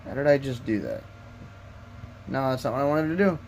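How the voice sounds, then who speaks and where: Talking fairly quickly in a gravelly, darkish, medium-pitched and expressive voice, a man streams from his phone and grumbles to himself and his viewers while puzzling over the app's settings. Slight background noise is audible.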